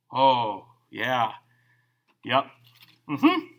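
A man's voice: mid-range voice, drawn-out words. A middle-aged male pastor preaching a sermon, joking and acting out quotes as he tells stories. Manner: animated, joking storyteller who acts out quotes.

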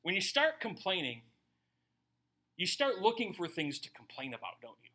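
A man preaching a sermon to his congregation, animated and conversational, often slipping into acted-out voices of the people in his stories. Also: sits high, normal speed. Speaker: pastor.

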